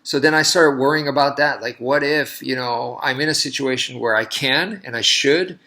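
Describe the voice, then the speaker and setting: A man's voice: medium pitch, moderate pace, sharp tone. A man, a martial artist, talking casually and telling a long story in a loose, rambling way with many restarts.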